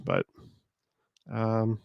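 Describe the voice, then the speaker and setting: A man with a gravelly, somewhat low voice talks in a flat monotone, a sore throat weighing on it. He rambles casually as he works at his computer. The sound is close and dry. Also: extremely slow, dry recording, dull audio. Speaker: online reseller. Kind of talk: casual talk while working.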